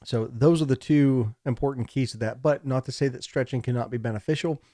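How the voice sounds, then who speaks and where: A man's voice: mid-range voice, a little fast, dark tone, no room sound, studio quality. A man giving a casual, digressive recorded lecture, joking along the way, his throat a little scratchy. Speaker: college lecturer.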